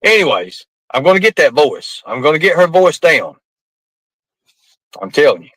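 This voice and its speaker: A man's voice: fairly high pitch, very animated, moderate pace, a bit bright, no room sound, poor audio. A man ranting defensively to his live-stream chat, swearing often and rambling from point to point. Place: outdoors at night in the rain.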